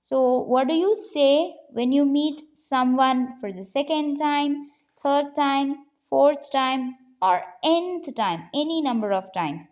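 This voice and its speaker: A woman teaching an English lesson to children, speaking deliberately and reading a story aloud. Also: sits high, highs cut off. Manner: slow, deliberate, addressing children.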